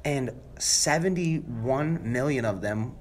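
A man in his late twenties, a guest in an interview, telling stories in an animated, emphatic way. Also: mid-range voice, slow pace, a little hiss or hum. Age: 20s. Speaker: guest, rapper. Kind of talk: conversational interview answers.

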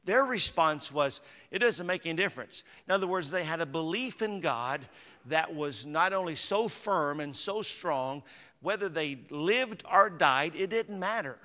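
A male pastor delivers a sermon in a bright, somewhat high voice. He moves between chatty asides to the congregation and emphatic, rising declarations. The sound carries the long reverb of a church sanctuary. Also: lively intonation, measured pace. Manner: conversational preaching, rising to emphatic peaks.

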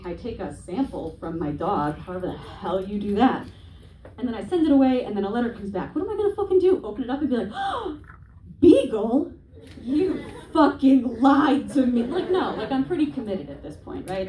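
A woman's voice: medium pitch, very animated, a little fast, warm tone, a little hiss or hum. A woman in her twenties doing a stand-up comedy set on a club stage, with profane, self-deprecating humor and wry asides. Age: 20s. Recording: echoey room, heard from a distance.

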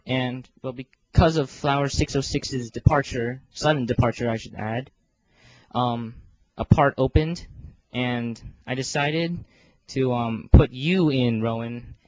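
A man's voice: mid-range voice, measured pace, darkish tone, no room sound. Teen boy vlogger, self-deprecating, full of ums and restarts; dull, dry home recording. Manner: rambling and self-deprecating, many fillers and restarts. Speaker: video creator organizing a fan voice series. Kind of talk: casual rambling vlog.

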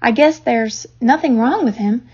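A woman's voice: a little high, measured pace, darkish tone, husky. A woman voicing a plain-spoken, hearty male farmer in a children's story. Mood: relieved. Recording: dull lo-fi recording.

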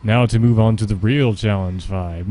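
A man doing casual game commentary on a live stream, chatty with viewers and a co-player, breaking into panicked yelps and shouts. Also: lowish voice, slow pace, a little hiss or hum.

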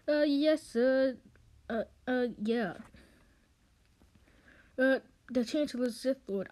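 A woman's voice: sits high, slow, long pauses, warm tone. A woman rambling through an improvised story retelling, full of hesitations, jumping between put-on character voices and whispers.

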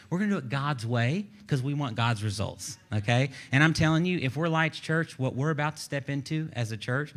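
A man's voice: medium pitch, fairly quick, hardly any pauses. A man preaching a sermon as pastor, folksy and conversational, with rising bursts of emphasis. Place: church sanctuary.

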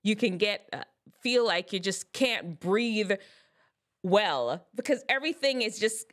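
A woman's voice: mid-range voice, expressive, a little slow, fairly bright tone. A woman giving advice in a chatty, loose way, often correcting herself mid-sentence as she explains science terms. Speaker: advice vlogger. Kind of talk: casual explanatory talk.

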